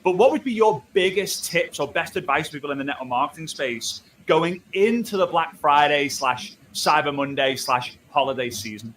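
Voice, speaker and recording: A man's voice: a little high, expressive, moderate pace, hardly any pauses, fairly bright tone, a little hiss or hum, low-quality recording. A man hosting an interview over a video call, praising his guest enthusiastically and restarting his sentences often. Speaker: interviewer host.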